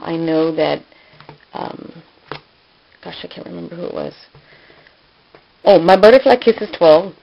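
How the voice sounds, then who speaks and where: A woman's voice: fairly low pitch, gravelly. A woman hosting a casual hands-on crafting tutorial, talking informally with many fillers and self-corrections. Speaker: crafting channel host. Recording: dull lo-fi home video sound.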